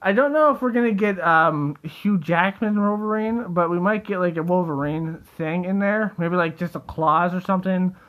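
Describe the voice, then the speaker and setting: Rambling excitable young man, high voice. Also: normal speed, few pauses, narrow, tinny audio. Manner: rambling, full of "like" and restarts, excitable. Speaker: theory video host. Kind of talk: casual solo monologue.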